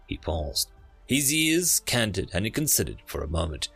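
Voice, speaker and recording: A man narrating an audiobook in an expressive reading style. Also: lowish voice, a little slow, gravelly, husky, no echo. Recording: dry close mic with faint music.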